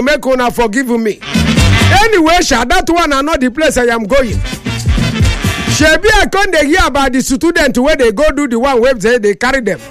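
A man with a Nigerian Pidgin accent, hosting a radio show in a studio and giving impassioned commentary full of rhetorical questions. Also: very high-pitched. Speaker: radio host.

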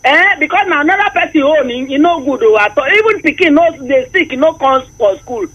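High bright Nigerian woman caller. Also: animated, brisk. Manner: earnest, pleading with listeners. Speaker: phone-in caller. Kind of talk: casual phone-in chat. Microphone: phone call.

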